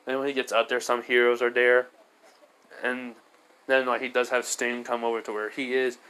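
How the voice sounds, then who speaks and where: A man's voice: medium pitch, little pitch movement, normal speed, bright, forceful tone, clear, resonant tone, poor audio. A man casually retelling a fan-made story, rambling with frequent fillers and self-corrections. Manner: rambling, full of fillers and restarts.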